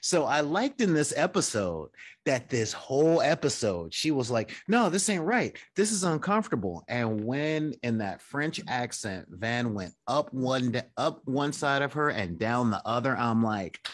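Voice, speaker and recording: A man's voice: medium pitch, lively intonation, measured pace, no echo, clean studio sound. A man co-hosting a podcast in casual chat, drawling and acting out quoted reactions. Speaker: podcast co-host.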